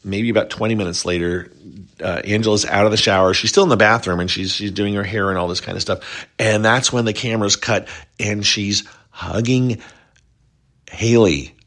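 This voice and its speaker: A chatty man with a slightly low voice, recapping reality TV in a loose, rambling way. He restarts sentences and now and then jumps higher to act out what others said. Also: steady tone, normal speed, a bit bright. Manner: chatty, rambling, quotes houseguests in lifted voices. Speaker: reality show recap host. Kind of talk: casual recap commentary.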